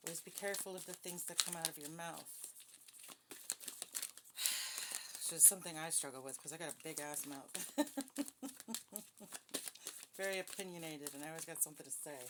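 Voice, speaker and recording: Woman tarot reader, casual and talkative, slightly low voice, noisy home recording. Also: normal speed, long pauses. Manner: chatty, self-deprecating, talks straight to viewers with frequent "okay?". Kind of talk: casual spiritual card reading.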